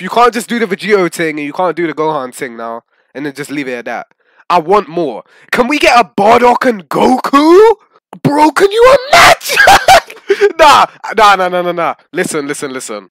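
A young man hosting a casual reaction video, slangy and excitable, often breaking into shouts and laughter. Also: a little high, fairly quick, no echo. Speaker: YouTube reaction host.

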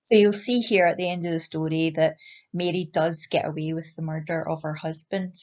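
A woman with a Scottish accent, an English teacher reading a short story aloud and then explaining it to pupils in a clear, measured way. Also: low voice, steady tone, darkish tone. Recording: slightly muffled lo-fi sound.

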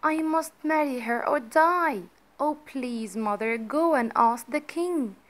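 A woman voicing a poor young boy who speaks in high, pleading tones. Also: slow. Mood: eager. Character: poor young boy, lazy but eager.

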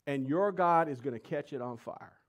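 A man's voice: fairly high pitch, moderate pace, lightly acted. A man doing a brash, mocking prophet. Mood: challenging. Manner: slangy, swaggering, mocking. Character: brash male prophet taunting his rivals.

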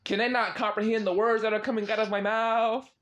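A young man casually chatting with strangers on a video chat app, swearing and loudly reacting. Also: high voice, little pitch movement, fairly quick, lo-fi sound. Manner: slangy, swears often, loud exclaiming reactions and laughs.

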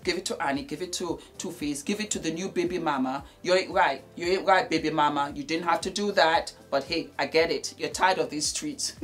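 Brief: woman vlogger, bright forceful tone, lowish pitch, blunt sisterly lecturing, faint music underneath. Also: brisk, few pauses. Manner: blunt, preachy, addresses the subject directly, bursts of laughter. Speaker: celebrity gossip vlogger. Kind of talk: opinionated commentary addressed to camera.

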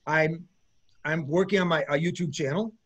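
High-voiced man chatting as a guest. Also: steady tone, moderate pace, fairly bright tone, husky. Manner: rambling, with many restarts and laughs. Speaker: guest musician. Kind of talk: casual interview chat.

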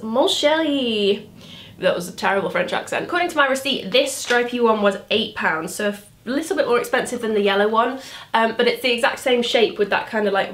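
A bubbly young woman talks to camera in a casual haul video, her voice sitting a little on the higher side. She chats away in a friendly, self-deprecating manner, as if catching up with a friend. Recorded indoors at home. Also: fairly bright tone. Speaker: vlogger.

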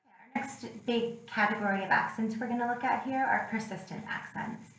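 A woman's voice: on the high side, fairly quick, fairly bright tone. A woman teacher giving a recorded grammar lesson, explaining patiently step by step. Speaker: Greek teacher. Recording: echoey room with faint noise.

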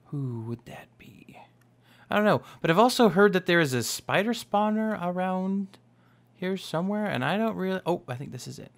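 Young male gaming host, bright chatty commentary, voice sits a little high. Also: lively intonation, fairly quick, creaky. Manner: upbeat, chatty, exclaims often. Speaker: Minecraft let's play host. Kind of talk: casual gameplay commentary.

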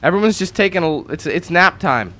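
A man's voice: sits high, animated, fairly quick, pushed and bright. A man giving casual, profanity-laced commentary while playing a video game. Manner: casual, swearing, restarts. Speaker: gameplay commentator. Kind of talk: casual let's-play commentary.

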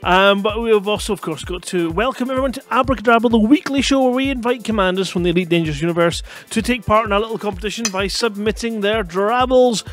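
A man's voice: high-pitched, fast talker, hardly any pauses, fairly bright tone, soft background music. A man hosting a casual livestream show, joking and rambling playfully. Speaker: host.

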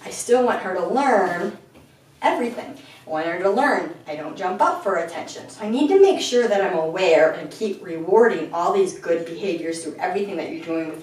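A woman dog trainer talks through her method with a lively, swooping delivery. She is recorded indoors in a strongly echoing room, some way off from the mic. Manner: clear explaining tone, switching to high sing-song calls of praise. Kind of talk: instructional training video. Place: indoors at home. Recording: very echoey room, far from the mic.

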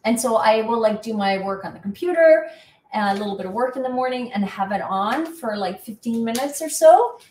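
A woman's voice: on the high side, animated, fairly quick, a little mellow, distant mic, slight background noise. A middle-aged woman from Canada, hosting in a casual, rambling, chatty way. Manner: chatty, rambling, self-deprecating. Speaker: host. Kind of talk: casual chat. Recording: echoey room from off-mic.

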